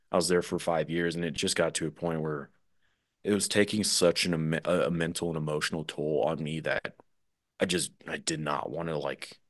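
A young man from the American Midwest talks casually as a podcast guest. His voice sits very low, and he rambles in a loose, easygoing way, laughing readily. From Midwest USA. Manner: relaxed, rambling, laughs easily. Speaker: drummer guest.

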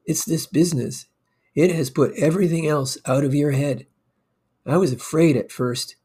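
A man voicing a gentle young female secretary who speaks softly and quietly. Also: fairly high pitch, moderate pace, slightly rough. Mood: tender. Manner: soft, quiet and tender.

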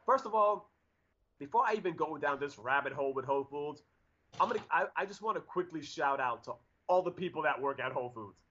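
A man's voice: on the high side, expressive, a little fast, a bit bright, slight background noise. A man in his forties telling a story in a casual chat, rambling with lots of fillers and restarts. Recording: dull lo-fi audio.

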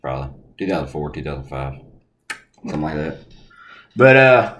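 A man's voice: extremely low pitch, very animated, normal speed, a bit bright. A middle-aged man co-hosting a podcast, telling a story in casual chat, laughing often and swearing freely. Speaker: podcast co-host.

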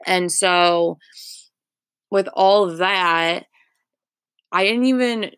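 A woman's voice: on the low side, extremely slow, a bit bright, clean tone, dry recording, clean studio sound. A young woman in her twenties telling a story on her podcast, chatty and full of filler words. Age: 20s. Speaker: podcast host. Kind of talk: casual storytelling monologue.

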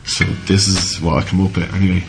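A male musician guest from Ireland, chatting casually in halting, self-correcting speech with many fillers. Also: low voice, level tone, crowd noise. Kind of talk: casual chat, then singing live with guitar. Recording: loud guitar music throughout.

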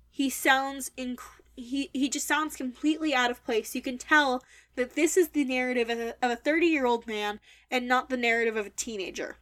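A young adult woman with a high voice delivers a critical book review monologue. She is opinionated and wordy, picking the writing apart point by point. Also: moderate pace, a bit bright.

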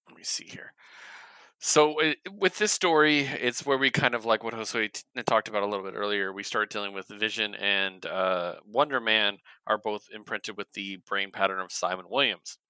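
A man's voice: fairly low pitch, moderate pace, sharp tone, smooth, dry recording. A man co-hosting a comic book podcast, talking casually with lots of fillers and restarts. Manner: rambling, filler-heavy. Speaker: podcast co-host. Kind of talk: casual chat.

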